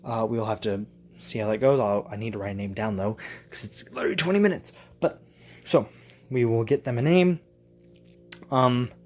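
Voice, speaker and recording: Speaking in a mid-range voice from his basement, this man records a laid-back home vlog as a tabletop game master. His plans come out in a meandering stream of thinking aloud, with frequent self-corrections.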